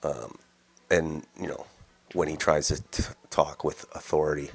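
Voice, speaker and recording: A man's voice: very deep voice, level tone, unhurried, vocal fry, husky. A man hosting a daily news commentary show, talking in a blunt, rambling, mocking way. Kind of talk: casual opinion commentary.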